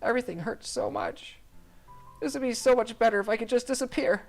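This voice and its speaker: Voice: animated, normal speed, faint music behind, lightly acted. A streamer voicing a cheerful but fragile teenage girl in a visual novel, reading her lines in a raised, bubbly voice that can turn tearful. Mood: distraught. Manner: high, bubbly, turning tearful. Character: cheerful, fragile teen girl with sad depths.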